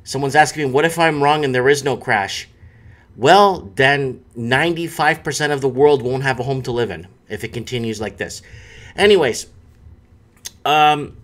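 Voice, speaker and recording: A man's voice: medium pitch, fairly bright tone. A man hosting a live stream, talking casually and rambling, with frequent restarts and fillers.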